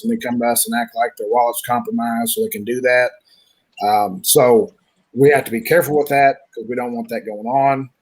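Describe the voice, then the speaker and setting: A man's voice: medium pitch, slightly rough, rough recording. A man from a trading platform's team answering questions in a live online Q&A, speaking loosely and often repeating himself.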